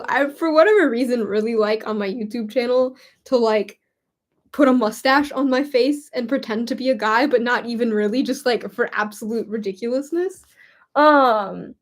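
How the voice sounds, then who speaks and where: Young woman YouTuber, slightly high voice, giggly and self-mocking, loose and rambling casual chat while she quilts. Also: a little mellow. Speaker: crafting YouTuber.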